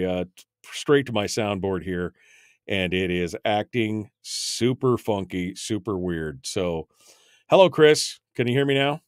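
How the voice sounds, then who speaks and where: A man's voice: lowish voice, no room sound. A male talk radio host speaking live on air, rambling and flustered as he fixes failing studio gear, with many restarts.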